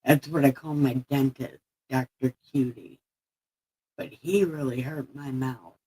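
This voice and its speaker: A woman's voice: very deep voice, steady tone, measured pace, dark tone, slightly rough, low-quality recording. A woman live-streaming in casual chat, her speech slurred and lisping from a sore mouth with missing teeth, rambling, laughing at herself and swearing freely. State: sore mouth after having teeth pulled.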